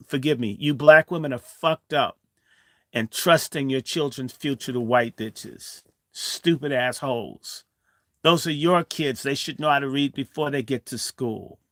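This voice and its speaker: A man's voice: mid-range voice, pushed and bright, no echo, clean studio sound. A man in his sixties telling a childhood story in a blunt, provocative way, swinging from the tale into profane rants. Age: 60s. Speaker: host.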